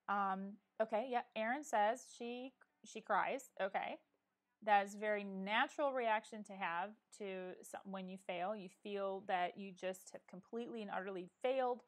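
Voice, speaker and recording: A woman's voice: mid-range voice, normal speed. A middle-aged woman hosting a casual live chat, talking earnestly and encouragingly straight to her viewers. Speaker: live-stream vlogger.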